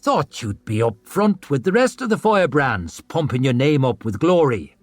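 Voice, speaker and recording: A man's voice: medium pitch, big pitch swings, moderate pace, dry recording, faint music behind. A man voicing a weary, sardonic veteran male warrior who has fought too many battles. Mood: wry. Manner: dry, sardonic.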